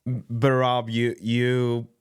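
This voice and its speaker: A man's voice: medium pitch, monotone, very slow, clear, resonant tone, no room sound, studio quality. A man hosting a running podcast, asking questions with frequent restarts and repeated words. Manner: hesitant, repeats words while forming questions. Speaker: podcast host. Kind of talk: interview questions.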